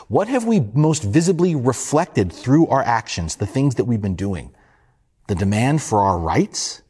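Husky, animated male preacher. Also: mid-range voice. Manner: earnest rhetorical questioning, emphatic repetition. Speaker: pastor. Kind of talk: sermon.

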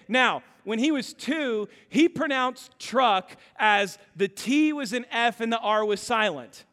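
High, bright-voiced preaching pastor. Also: male voice, slow, few pauses. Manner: animated storytelling, swings from loud to hushed. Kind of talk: sermon. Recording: long hall reverb.

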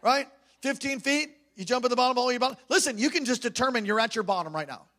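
High-voiced man preaching a sermon. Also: fast. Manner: emphatic preaching, repetitive, swings between loud and hushed. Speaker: pastor.

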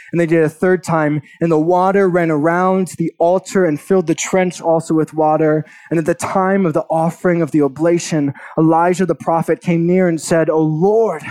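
A man's voice: a little high, darkish tone. A man preaching a sermon, reading a long scripture passage aloud with conversational asides. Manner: earnest, conversational asides between read verses. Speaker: pastor.

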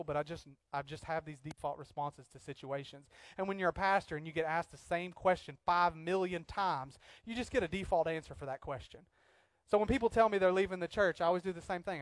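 A man preaching a sermon as pastor, swinging from loud acted outbursts to quiet earnest talk. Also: sits high, dry recording.

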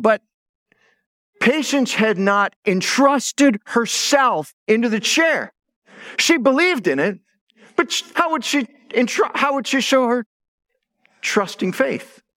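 Slightly high-voiced middle-aged male pastor. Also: fairly bright tone. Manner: conversational storytelling with stressed words. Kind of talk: sermon.

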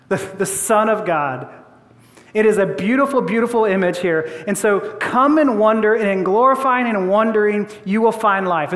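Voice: mid-range voice, in a large hall. A pastor giving a sermon in a church, conversational and laughing often, with frequent repeated words.

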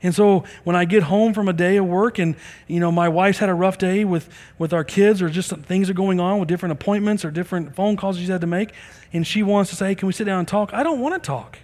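High-voiced male pastor preaching in a hall. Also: steady tone, brisk, darkish tone. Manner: earnest, conversational preaching with acted-out dialogue. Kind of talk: sermon.

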